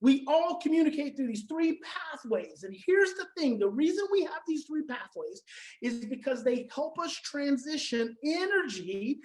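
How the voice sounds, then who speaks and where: A woman's voice: sits high, very animated, moderate pace, a little mellow, rough recording. A woman giving a teaching talk on parenting adopted children, emphatic and repeating her key phrases, now and then acting out everyday reactions. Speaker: conference speaker on adoption parenting.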